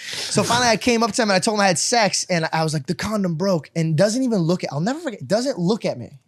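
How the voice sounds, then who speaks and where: A man telling a story in casual podcast chat, animated and laughing, peppered with slang. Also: sits high, fast talker, dry recording, clean studio sound. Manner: animated, laughs often, uses slang like "bro". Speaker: podcast co-host.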